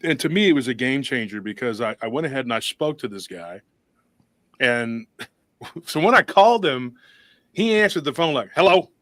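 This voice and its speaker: A man's voice: medium pitch, sing-song, normal speed, pauses often, fairly bright tone, no room sound. A man hosting a paranormal talk show, telling a long story in a rambling, casual way with many restarts and acted-out quotes. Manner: rambling, restarts often, acts out quoted voices.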